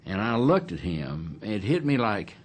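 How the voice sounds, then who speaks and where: A man's voice: lowish voice, sing-song, moderate pace. A man, telling his memories bluntly and emphatically in a documentary interview.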